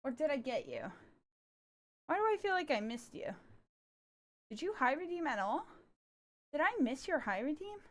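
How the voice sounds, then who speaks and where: A woman's voice: sits high, sing-song, moderate pace, pauses often. A giggly, bubbly young woman from Canada, chatting casually with her viewers on a livestream.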